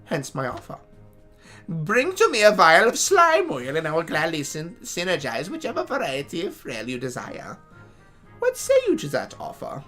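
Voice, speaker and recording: A stuffy male alchemist of a fantasy game speaks in a thick German accent, put on by a gamer reading the dialogue aloud. He lectures in formal, self-important phrases, and his voice is bright and lively, rising and falling widely. Faint music plays underneath. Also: medium pitch, normal speed, heavily acted. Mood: pompous.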